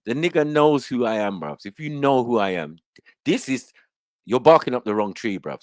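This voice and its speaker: A brash man hosts an online panel and goes on a heated, boastful rant full of swearing. His pitch swings up and down a lot as he talks. The sound is dry and close to the mic. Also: expressive, moderate pace, darkish tone, no echo. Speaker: host of an online panel show.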